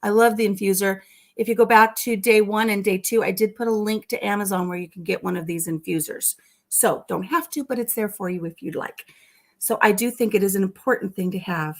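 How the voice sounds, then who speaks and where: A woman hosting a live stream in casual chat. She reads out viewer comments, answers them, and tells a story with soft asides. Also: medium pitch, a little fast.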